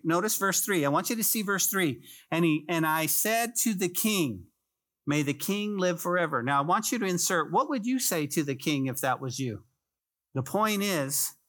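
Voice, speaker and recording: A pastor delivering a sermon in a casual, conversational way. His voice sits slightly high for a man, and he keeps repeating phrases to drive a point home. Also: fairly bright tone. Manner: conversational preaching, addresses listeners as "guys", repeats phrases for emphasis.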